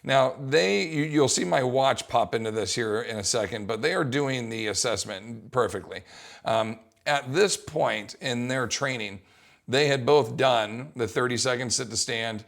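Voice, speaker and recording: A young adult man coaching fitness, explaining an exercise test in a casual, lively way. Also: medium pitch, a little slow, gravelly. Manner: casual, animated, acts out coaching calls. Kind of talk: instructional talk.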